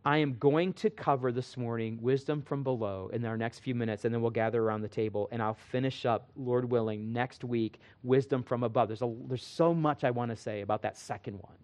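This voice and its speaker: A male pastor preaching a Sunday sermon in an earnest voice of middle pitch. He pushes key points up with emphasis, then drops into soft asides to the congregation. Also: steady tone, a little fast, hardly any pauses.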